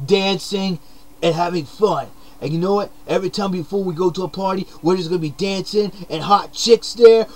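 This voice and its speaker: A young man putting on a hyper, upbeat surfer-dude character with a mullet, talking to camera in an excitable, shouty comedic monologue full of slang. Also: high-pitched.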